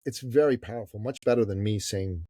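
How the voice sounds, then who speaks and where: A man in his fifties, from Iran, telling a story as a guest on an interview podcast, animated, swearing casually and calling the host "bro". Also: on the low side, brisk, husky, no echo, studio quality. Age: 50s. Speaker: guest, business coach.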